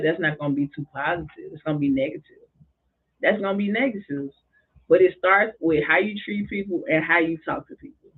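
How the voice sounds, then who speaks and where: A woman's voice: on the low side, breathy edge. A woman who works as a school drumming therapist and basketball coach, talking passionately and expressively in a casual podcast conversation. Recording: tinny phone-like sound.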